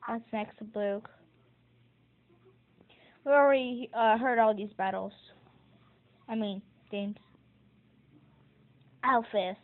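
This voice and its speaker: A woman vlogger chatting casually and excitedly about a video game, rambling with restarts. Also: on the high side, slow pace, pauses often. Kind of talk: casual gaming chat. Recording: tinny phone-like audio with loud game music.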